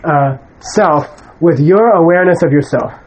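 Plain-spoken male teacher, slightly high voice. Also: moderate pace, darkish tone, slight background noise, low-quality recording. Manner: conversational, keeps checking in with "okay?"; emphatic, bluntly dismisses wrong views. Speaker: Buddhist teacher. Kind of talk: lecture to students.

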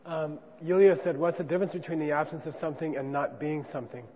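A man teaches a class on Buddhist philosophy, explaining ideas conversationally and checking in often with "okay?" His voice is on the high side, steady, fast, and mellow. The recording sounds dull and lo-fi, with a long reverb.

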